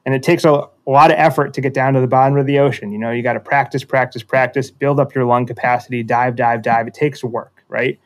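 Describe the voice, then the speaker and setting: Guy thinking out loud through a story, restarts a lot, medium pitch. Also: steady tone, quick pace, hardly any pauses. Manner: reflective, self-deprecating, frequent restarts. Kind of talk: casual storytelling in conversation.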